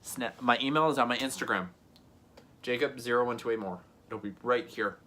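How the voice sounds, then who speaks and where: Bright-voiced young man vlogging. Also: medium pitch, a little fast. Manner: rambling, earnest, lots of "like" and "you know what I mean". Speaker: YouTuber. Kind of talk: casual storytime vlog. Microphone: camera.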